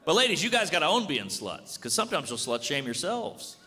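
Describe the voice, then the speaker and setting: A man doing stand-up comedy, brash and deadpan, acting out quick back-and-forth exchanges on stage. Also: fairly high pitch. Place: comedy club stage before a live audience. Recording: live club recording with reverb and crowd.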